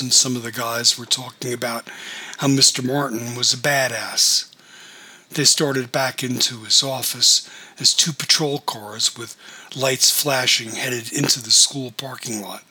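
A male audiobook narrator reading in an even, measured way. His voice is husky, with a bright, tense sharpness to the tone. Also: medium pitch.

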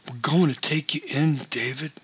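A man's voice: medium pitch, steady tone, moderate pace, a bit bright, slightly rough. A man doing a blunt, stern cop. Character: male police officer, blunt and stern.

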